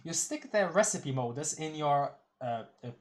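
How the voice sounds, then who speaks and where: Giggly, rambling streamer voice, mid pitch, casual webcomic live read. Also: animated, normal speed. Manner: giggly, rambling, often restarts words. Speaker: streamer reading a webcomic aloud.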